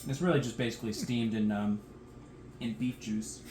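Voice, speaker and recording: A man co-hosting a casual cooking video, making crude deadpan jokes while tasting food in a home kitchen. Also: fairly low pitch, moderate pace, background noise. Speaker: cooking show co-host.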